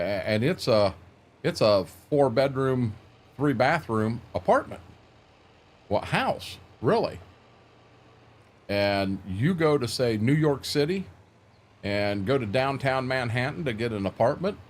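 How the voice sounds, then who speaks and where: An older man hosting a live stream, chatting casually in a plainspoken, rambling way and repeating words as he thinks. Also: mid-range voice. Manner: plainspoken, folksy.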